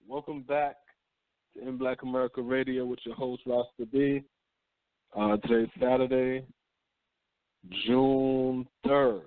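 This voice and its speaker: A man hosting a call-in talk radio show, speaking in an unhurried, reflective way and reading a news story aloud. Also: medium pitch, vocal fry, no echo. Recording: phone-line call-in audio.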